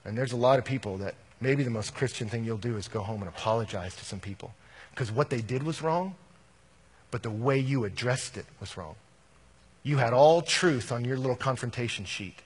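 A man preaching a sermon as pastor, animated, shifting from loud bursts to hushed, earnest lines. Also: medium pitch, moderate pace, slightly rough.

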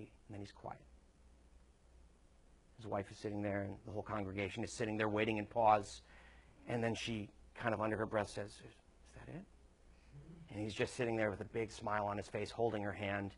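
A man's voice: fairly low pitch, flat delivery, fairly quick. Man preaching a conversational sermon. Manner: conversational storytelling, emphatic.

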